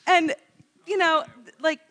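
A middle-aged woman telling a personal story in a casual interview, animated and laughing often. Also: very high-pitched, slow.

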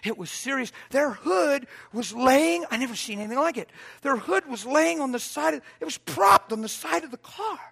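A man preaching a sermon, telling a personal story with lively acted-out quotes and frequent laughter. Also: very high voice, normal speed, gravelly, hardly any pauses. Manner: animated, acts out quotes, laughs often.

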